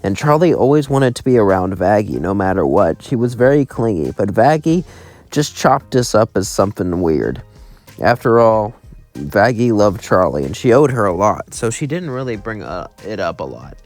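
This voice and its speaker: Man, casual storyteller, rambling, low voice, light background music. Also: very animated, normal speed, a little mellow. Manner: loose, rambling retelling. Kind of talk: casual fan story narration.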